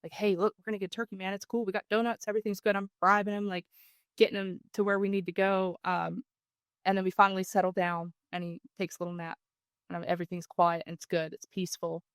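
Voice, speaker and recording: A woman, a podcast guest telling a hunting story in a casual, animated way. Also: mid-range voice, fast, clean tone, no echo.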